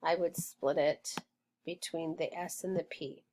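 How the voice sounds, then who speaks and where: A woman teaching a phonics lesson, clearly sounding out words and splitting them into syllables. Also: low-pitched, steady tone, unhurried, darkish tone. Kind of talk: slow, deliberate phonics lesson.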